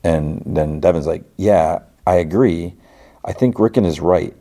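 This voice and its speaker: A man's voice: low voice, measured pace, warm tone. A man hosting a podcast, casually retelling a TV episode and quoting its characters, laughing now and then. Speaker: podcast host.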